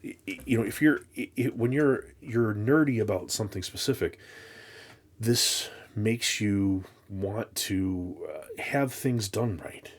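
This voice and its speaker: A man chatting casually as he unpacks a comic shipment, rambling and restarting his sentences, exasperated and poking fun at himself. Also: on the low side. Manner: rambling, halting, many restarts; exasperated, self-mocking. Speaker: comic collector vlogger. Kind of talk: casual unboxing chat.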